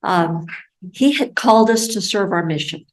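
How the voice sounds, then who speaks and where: An older woman giving a storytelling talk, lively and acting out the voices of people she quotes. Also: medium pitch, normal speed, rough recording. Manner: animated, acts out quoted voices. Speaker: guest speaker.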